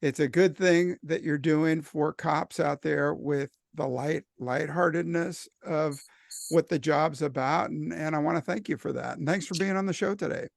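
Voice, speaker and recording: A man hosts a podcast interview, a former officer himself, asking relaxed and somewhat halting questions. His voice is a touch high and carries a gravelly fry. The recording is dry with no room echo. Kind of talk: casual interview chat.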